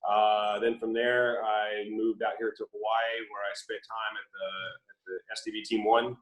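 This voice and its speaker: A middle-aged man from Mississippi with a faint Southern accent, a former Navy SEAL telling stories in a relaxed way with many fillers during an interview. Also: on the low side, moderate pace, reverberant, poor audio. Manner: relaxed storytelling with frequent fillers. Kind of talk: casual interview conversation.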